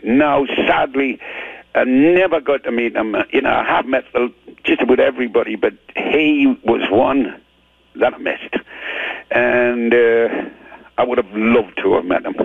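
A man's voice: mid-range voice, a little slow, creaky, husky, dry recording. An older man with a Geordie accent from Newcastle, telling stories as a rock singer in a chatty, self-deprecating way with lots of restarts. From Newcastle, England. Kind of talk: casual storytelling interview. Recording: tinny phone-line radio interview.

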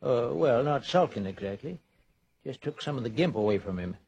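A man's voice: mid-range voice, lively intonation, moderate pace, gravelly, darkish tone, a little hiss or hum. A man playing a folksy older small-town man in a 1940s radio drama, with an easygoing drawl. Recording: dull old radio transcription.

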